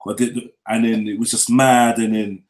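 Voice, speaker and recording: A man's voice: mid-range voice, flat delivery, normal speed, a little mellow. Man in an echoey room. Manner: loose London street slang, frequent "you get me?" tag. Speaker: vlogger telling his life story. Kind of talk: casual storytelling.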